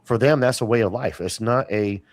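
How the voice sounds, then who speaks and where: A man's voice: on the low side, moderate pace. A man talking as a podcast guest, telling long rambling stories full of fillers and restarts. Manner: rambling storyteller, many fillers. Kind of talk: casual interview chat.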